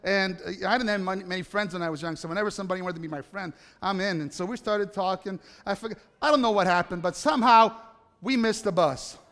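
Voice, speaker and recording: High-voiced man telling stories in a hall. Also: fast talker, a bit bright. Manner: conversational, asks the audience questions. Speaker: speaker addressing an audience. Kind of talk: personal storytelling talk. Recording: reverberant hall.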